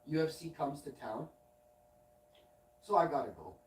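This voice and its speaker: A man's voice: on the high side, expressive, measured pace, a little hiss or hum. A man hosting a late-night livestream, telling a long anecdote in a loose, swearing, self-interrupting way. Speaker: livestream host. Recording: roomy and distant from the mic.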